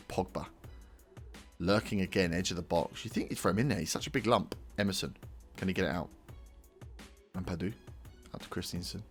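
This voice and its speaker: With a deep voice, a young gaming YouTuber gives casual let's-play commentary on his own football management game. He gets excitable and talks to the players as the match unfolds.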